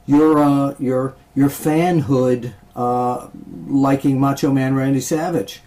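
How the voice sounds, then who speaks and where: A man hosting a casual wrestling interview, halting often with filler sounds. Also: mid-range voice, steady tone, warm tone. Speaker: interview host.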